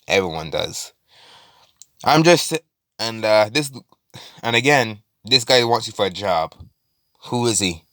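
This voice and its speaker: A man voicing a smooth-talking male criminal go-between who pitches a job with nervous hesitations. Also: animated, unhurried, pauses often, bright, forceful tone, no echo, studio quality, full character voice. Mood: calming.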